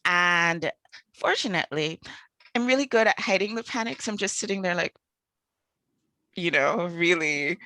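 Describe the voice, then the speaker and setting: Animated woman host telling a story. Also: medium pitch, measured pace, long pauses, no echo. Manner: animated, acts out quoted panic. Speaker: show host and coach. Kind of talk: casual storytelling monologue.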